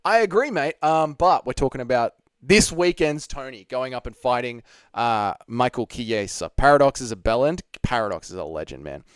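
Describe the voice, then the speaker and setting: A man's voice: medium pitch, lively intonation, normal speed, clean tone, dry recording. A young man hosting a casual live stream, chatting and reading out viewer comments with plenty of swearing. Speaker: livestream host.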